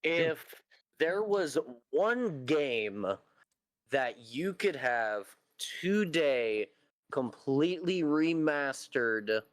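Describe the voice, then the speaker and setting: A man's voice: a little high, animated, extremely slow, no echo. A man co-hosting a casual podcast, laid-back and blunt, swearing casually. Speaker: podcast co-host, streamer. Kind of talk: casual chat.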